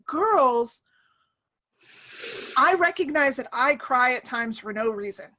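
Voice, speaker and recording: A woman in her thirties hosting a casual chat over an online call, animated and laughing, often acting out quoted voices. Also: high voice, takes it slowly. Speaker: podcast host.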